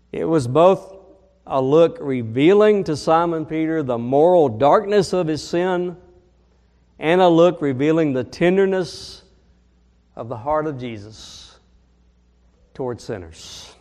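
A man preaching a sermon as pastor, earnest, leaning slowly on key phrases. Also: a little high, animated, mellow, big-room sound.

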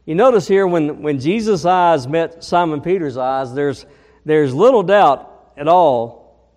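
A man preaching a sermon as pastor, earnest, leaning slowly on key phrases. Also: fairly high pitch, a little mellow, big-room sound.

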